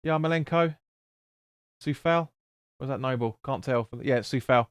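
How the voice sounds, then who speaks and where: Here a man calls a football match live on stream and reads out chat, chatting with viewers and swearing bluntly as he replies. His voice is medium in pitch, clear and resonant, at a normal speed, with clean studio sound and no room echo.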